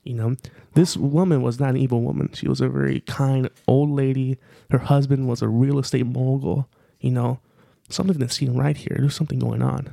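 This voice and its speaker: A man's voice: mid-range voice, gravelly, mellow, no room sound, clean studio sound. A man co-hosting a podcast, telling a rambling story casually with lots of fillers and repeated phrases. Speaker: podcast co-host.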